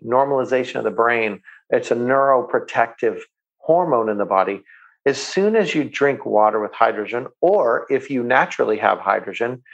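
A man's voice: mid-range voice, creaky, muffled recording. A man being interviewed, talking with enthusiasm and often repeating words as he starts a sentence. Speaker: guest. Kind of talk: interview answers, storytelling.

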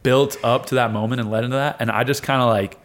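A man in his twenties, a guest on an interview show, telling a lively story and acting out what people said, with frequent laughs. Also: mid-range voice, quick pace. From United States. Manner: animated storyteller, acts out quotes, laughs often. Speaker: guest, wrestler and fighter.

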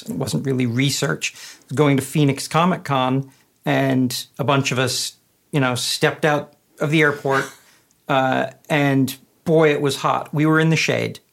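A man co-hosting a podcast, telling an anecdote in an unhurried way with fillers. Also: medium pitch, gravelly, a bit bright. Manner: unhurried storytelling with laughs and fillers. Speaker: podcast co-host. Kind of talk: casual anecdotal chat.

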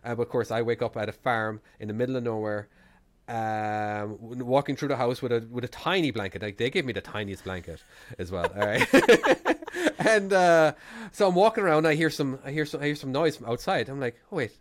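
A man's voice: mid-range voice, expressive, fairly quick. A man with an Irish accent, a podcast co-host, chatting casually and telling rambling stories with frequent laughter. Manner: rambling storyteller, laughs often. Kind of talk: casual chat.

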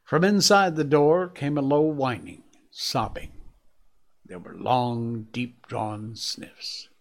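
A man reads a classic novel aloud, slow and deliberate. His voice is gravelly and sits at a middling pitch, and the story unfolds at an unhurried pace. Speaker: audiobook narrator. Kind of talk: scripted narration of a classic novel.

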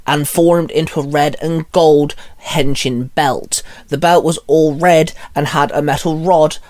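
A man reading a fan story aloud in a steady way, with small restarts now and then. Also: on the high side, measured pace.

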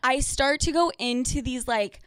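A young woman co-hosting a podcast, telling a story in casual chat, animated, swearing and acting out voices. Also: high voice, normal speed, smooth, dry recording, studio quality. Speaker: podcast co-host.

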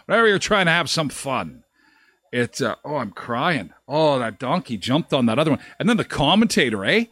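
A man hosting a live show, reacting to a clip with animated, laughing remarks. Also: a little high, no echo. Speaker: host.

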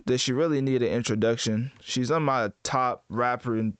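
A man giving casual commentary as host, rambling and correcting himself in relaxed slang. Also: medium pitch, normal speed, no echo. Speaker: host ranking rappers.

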